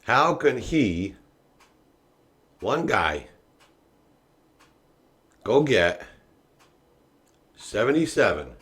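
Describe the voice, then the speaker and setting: A man hosting a political podcast, talking in a profane ranting style that swings from quiet muttering to loud shouting. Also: medium pitch, big pitch swings, extremely slow, pauses often, breathy edge. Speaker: podcast host. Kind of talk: political commentary rant.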